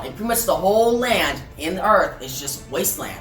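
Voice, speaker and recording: A woman casually recaps a comic book and rambles along with fillers. Her voice is on the low side. She sounds distant in a roomy space, with faint music under her. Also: animated, a little fast.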